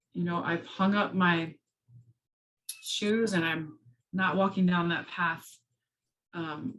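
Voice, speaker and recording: A woman hosting a casual chat, telling stories and acting out quoted lines with big jumps in her voice. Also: rough recording. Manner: animated storyteller, acts out quotes with big pitch jumps. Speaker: host.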